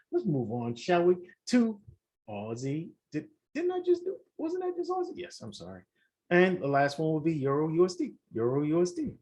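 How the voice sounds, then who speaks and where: A man hosting a trading channel, talking casually through a screen-share market review, animated and repetitive, addressing viewers directly. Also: a little high. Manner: animated, repeats himself, talks straight to viewers. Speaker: forex trading channel host.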